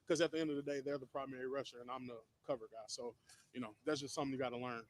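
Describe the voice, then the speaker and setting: Man, football player, quick speech, earnest, explaining, lots of fillers. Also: medium pitch, fairly even intonation, dry recording. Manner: earnest, explanatory, full of fillers like "you know". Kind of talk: answering interview questions.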